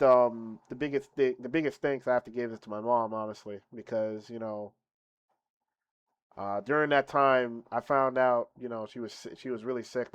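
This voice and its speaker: A young man streaming casually to his viewers, boasting playfully, laughing, then thanking them softly. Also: mid-range voice, dry recording, lo-fi sound.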